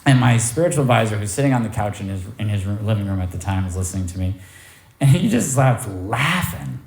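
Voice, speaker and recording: A man's voice: mid-range voice, animated, fairly quick. A man giving a personal recovery testimony at a meeting, telling it candidly with self-deprecating humor. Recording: echoey room.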